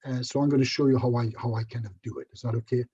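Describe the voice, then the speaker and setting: Middle-aged Scottish man, dark husky voice, chatty online talk, muffled video call. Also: medium pitch, steady tone, very fast. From Scotland. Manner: chatty, self-deprecating, with little jokes. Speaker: hypnotherapist presenter. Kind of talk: casual online presentation.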